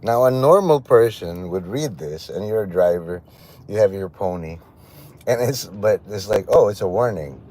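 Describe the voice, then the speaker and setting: A man's voice: deep voice, normal speed, slight background noise. A man chatting casually and joking as he rambles through a livestream. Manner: rambling, joking, lively intonation. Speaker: livestream host.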